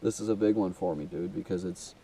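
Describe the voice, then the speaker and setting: A man's voice: low-pitched, brisk, vocal fry, dark tone, recorded from a distance, a little hiss or hum. Young man venting with a blocked nose. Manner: casual and swearing, calls listener dude, many restarts and fillers. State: blocked nose, trouble breathing. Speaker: self-made video host. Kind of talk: rambling personal monologue to camera.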